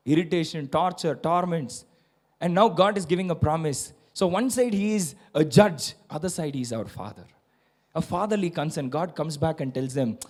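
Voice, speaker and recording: A male pastor preaching a sermon, building to loud repeated declarations. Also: fairly high pitch. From India.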